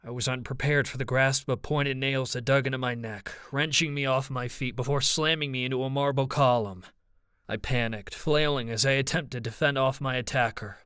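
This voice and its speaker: A man narrating an audiobook in the first person, with a steady, even storytelling delivery. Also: medium pitch, smooth, no room sound, clean studio sound.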